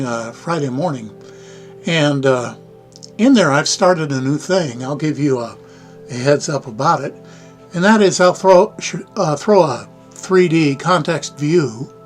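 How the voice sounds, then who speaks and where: An older man with a Midwestern American accent chats casually on his livestream, rambling along in a folksy way with chuckling asides. His voice sits a little high. Faint music plays behind him. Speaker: livestream host. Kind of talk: casual live-stream chat.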